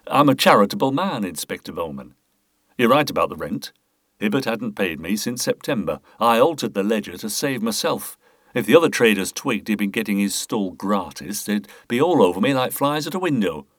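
A man's voice: on the low side, big pitch swings, normal speed, fairly bright tone, dry recording, clean studio sound. A man voicing a blustering market manager. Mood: defensive. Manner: blustering, defensive. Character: shifty self-important male market manager.

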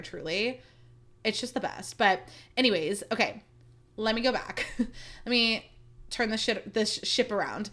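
A woman's voice: on the high side, sharp tone. A woman hosting a podcast in casual solo chat, gushing and mock-dramatic, with lots of filler "like"s. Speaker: podcast host.

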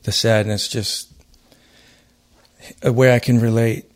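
A man's voice: medium pitch, flat delivery, slow. A man hosting a casual podcast, talking earnestly and emphatically, rambling and restarting his sentences. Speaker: podcast host.

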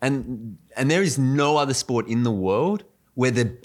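A man with an Australian accent, a comedian guest chatting casually, animated and slipping into mock voices. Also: mid-range voice, unhurried. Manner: animated, mimics voices, many restarts. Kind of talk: casual podcast chat.

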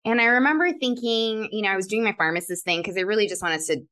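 A woman guest, a clinical pharmacist, telling personal stories in an earnest, reflective way in a podcast interview, quick to laugh. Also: medium pitch, bright, forceful tone.

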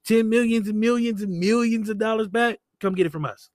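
A man co-hosting a podcast in casual chat, animated and profane, mocking people with whiny put-on voices. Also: high voice, a little fast, a crowd in the background. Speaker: podcast co-host.

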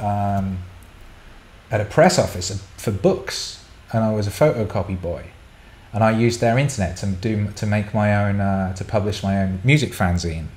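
Candid rambling man, slightly low voice. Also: darkish tone, slight background noise. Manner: candid, rambling storytelling with repeated words. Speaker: podcast host answering listener questions. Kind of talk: casual chat.

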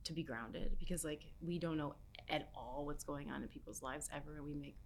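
A woman guest chatting casually, soft-spoken, often trailing into a near whisper and filling with "like". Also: deep voice, a little fast, a little hiss or hum. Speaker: podcast guest, health chef. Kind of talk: casual chat.

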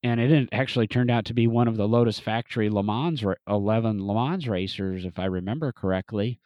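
Low-voiced man telling a rambling story. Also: brisk, no room sound, highs cut off. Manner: rambling, many restarts and fillers. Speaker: museum restoration specialist, podcast guest or host. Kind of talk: casual storytelling.

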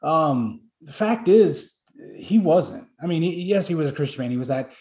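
Host guy talking slow and thoughtful, kinda hesitant, room sounds echoey. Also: fairly high pitch, expressive, mellow. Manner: measured, reflective, hesitant. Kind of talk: casual chat. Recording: roomy echo.

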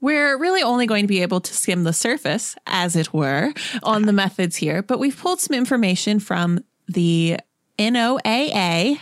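A woman's voice: mid-range voice, lively intonation, moderate pace, dry recording. Giggly American woman co-host, dry recording. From United States. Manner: giggly, reads quotes carefully. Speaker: podcast co-host. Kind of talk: casual podcast chat.

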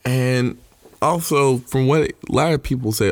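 A man's voice: mid-range voice, a little slow, no echo. A man giving an informal sermon, earnest and repeating his points for emphasis, retelling scripture in everyday terms. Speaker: preacher.

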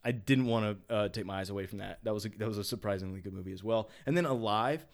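A man's voice: on the low side, fast. A man co-hosting a podcast in casual chat, rambling and enthusiastic, full of restarts and fillers. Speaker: podcast co-host.

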